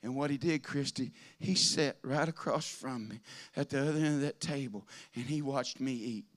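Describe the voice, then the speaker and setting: A man's voice: medium pitch, moderate pace. A man preaching a sermon, telling folksy stories that rise into fervent preaching.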